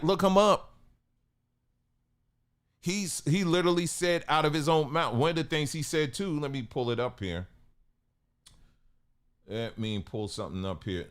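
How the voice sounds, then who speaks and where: A man hosting a commentary monologue, talking casually and emphatically, with loose colloquial grammar and rhetorical questions to his viewers. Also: medium pitch. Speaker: commentary channel host.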